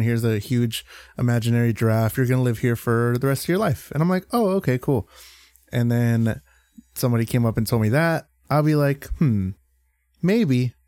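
A man's voice: mid-range voice, a little mellow, clear, resonant tone, dry recording. A man co-hosting a casual podcast, laid-back and jokey. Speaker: podcast co-host. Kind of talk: casual chat.

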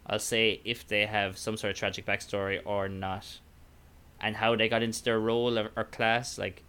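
An Irish man in easy conversation, his voice bright and clear with a smooth ring. He rambles through his thoughts, leaning on fillers and starting sentences over. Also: fairly low pitch, flat delivery, moderate pace. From Ireland. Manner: rambling, full of fillers and restarts. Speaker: podcast guest, tabletop player. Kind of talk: casual chat.

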